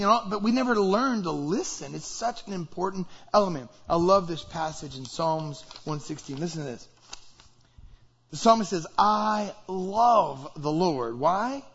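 A man's voice: high-pitched, animated, normal speed, a bit bright, husky, dull audio. A male pastor preaching a conversational sermon to his church, acting out short example conversations. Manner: conversational, acts out example dialogues.

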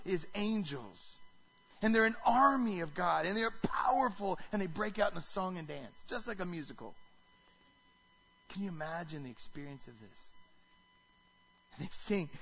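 A man preaching a sermon to a congregation, animated, often asking the listeners questions. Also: sits high, muffled recording. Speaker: pastor.

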